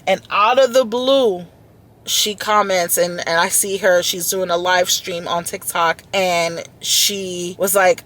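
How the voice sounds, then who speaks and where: A woman's voice: on the low side, fairly even intonation, slow, fairly bright tone. A woman vlogging from inside a car, talking in an earnest, heartfelt way and often repeating her words. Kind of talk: heartfelt self-talk vlog.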